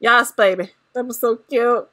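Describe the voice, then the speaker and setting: A young woman hosting a reaction video, gushing excitedly and laughing often. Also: fairly high pitch, a little slow. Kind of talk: casual reaction video chat. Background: music playing.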